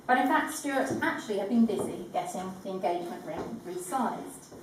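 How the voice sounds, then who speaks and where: A woman's voice: medium pitch, lively intonation, moderate pace, a little hiss or hum. A woman officiating a wedding, delivering a formal ceremony address with a composed, lightly humorous manner. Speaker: wedding celebrant. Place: large echoing room at a ceremony. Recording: echoey room from far off.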